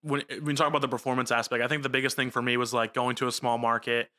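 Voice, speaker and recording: Young reporter with a jersey accent, fast and chatty, bright sharp tone, casual podcast talk. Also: male voice, mid-range voice. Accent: New Jersey. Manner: quick, animated storytelling with frequent "like" fillers. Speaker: local TV news reporter.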